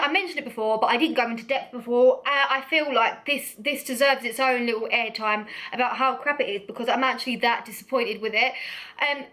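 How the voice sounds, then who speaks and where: Young woman, blunt and chatty, high-pitched, vlog review. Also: sharp tone. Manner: chatty, blunt, laughs often. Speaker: beauty vlogger. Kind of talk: casual product review.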